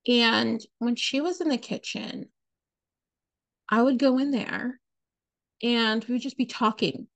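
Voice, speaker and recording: Gravelly-voiced woman telling a blunt story. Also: fairly high pitch, fairly even intonation, slow pace, a bit bright. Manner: casual, blunt, swears freely; frequent "like" and "you know" fillers. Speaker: podcast host. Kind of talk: candid personal storytelling.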